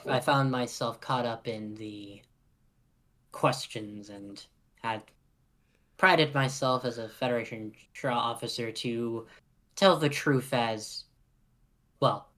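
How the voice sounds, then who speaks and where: A man voicing an earnest young woman military officer in a tabletop role-play, speaking in a measured, speechlike way. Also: medium pitch, fairly bright tone, natural voice. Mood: apologetic.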